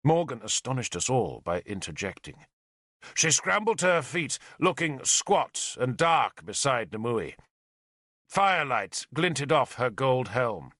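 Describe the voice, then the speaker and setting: Slow bright male audiobook narrator. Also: medium pitch, very animated, no room sound, clean studio sound. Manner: dramatic, measured storytelling.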